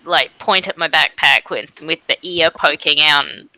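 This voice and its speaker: Bright, gravelly tabletop player. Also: mid-range voice, no room sound, poor audio. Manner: halting, with many fillers. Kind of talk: casual tabletop game play.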